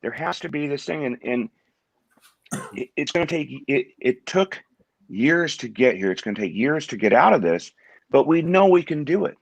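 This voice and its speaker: A middle-aged man from Washington State, a guest in an interview, talking in a halting way and often repeating words as he restarts his sentences. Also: mid-range voice, lively intonation, vocal fry, no room sound. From Washington State, USA. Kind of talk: conversational interview.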